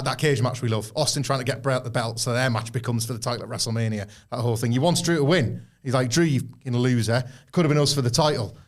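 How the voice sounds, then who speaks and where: A man co-hosting a podcast in casual chat, talking loosely with many fillers and acting out quoted lines. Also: medium pitch. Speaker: podcast co-host.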